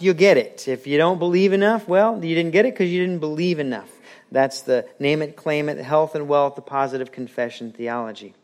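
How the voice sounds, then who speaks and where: A man preaching a sermon as a pastor, animated, acting out quoted voices and telling a joke. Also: a little high.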